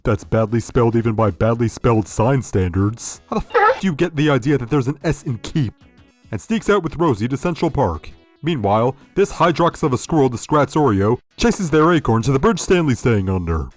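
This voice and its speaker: A man's voice: medium pitch, big pitch swings, a little fast, no echo, soft background music. A man hosting a critical video review, sardonic and profane. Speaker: video essay host.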